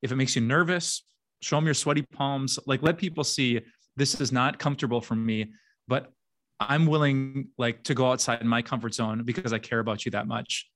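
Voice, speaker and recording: A man's voice: mid-range voice, steady tone, normal speed, a bit bright. A man in his forties, a pastor hosting a podcast, talking earnestly and laughing easily. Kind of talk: casual faith podcast chat.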